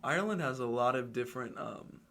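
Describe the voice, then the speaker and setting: Male co-host, mid pitch, gravelly fry, relaxed halting radio chat. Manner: relaxed, hesitant with fillers. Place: radio studio.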